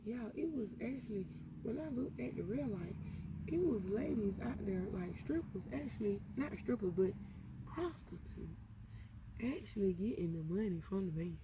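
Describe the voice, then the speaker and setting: A woman telling a story in a casual storytime vlog, animated and slangy. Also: medium pitch, normal speed, noisy background. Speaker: vlogger.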